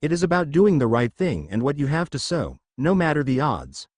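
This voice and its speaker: A man's voice: a little high, very animated, moderate pace, darkish tone, no echo, studio quality. A man voicing an earnest, idealistic young male hero student.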